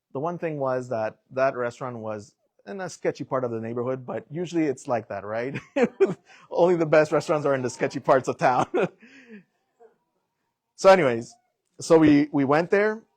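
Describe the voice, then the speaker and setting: Animated young man telling a sermon story. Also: fairly high pitch, no room sound. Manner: animated storytelling, acts out quotes. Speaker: preacher.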